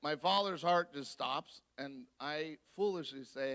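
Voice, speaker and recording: A man preaching a sermon as a guest speaker, telling his story in an animated way and acting out each voice. His voice is high and bright with a gravelly, creaky edge. He talks at an unhurried, deliberate pace. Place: church.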